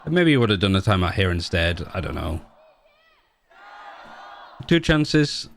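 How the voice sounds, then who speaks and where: Lively, joking male esports caster. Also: low voice, a little slow, vocal fry, some chatter behind. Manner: joking, excitable, chatty. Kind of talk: live esports commentary.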